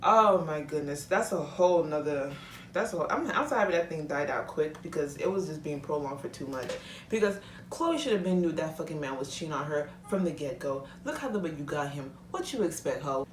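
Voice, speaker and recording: A woman's voice: sits low, animated, fairly quick, a little hiss or hum. Heated young woman ranting bluntly. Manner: blunt, heated, swears freely. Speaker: vlogger. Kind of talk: casual rant to camera. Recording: echoey room, mic at a distance.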